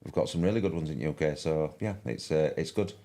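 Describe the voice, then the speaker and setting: A man's voice: rumbling low, brisk, mellow. An older man with a broad Yorkshire accent, chatting casually as a fishing commentator on a live stream, rambling with many restarts and fillers. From West Yorkshire, England.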